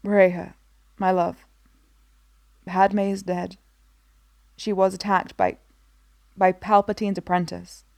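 A woman voicing a grave, weary man, a senator, speaking in a somber, measured way. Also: medium pitch, flat delivery, gravelly, darkish tone, no room sound.

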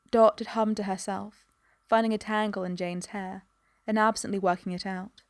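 A woman narrating a story in an even, measured reading voice. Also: medium pitch, no echo.

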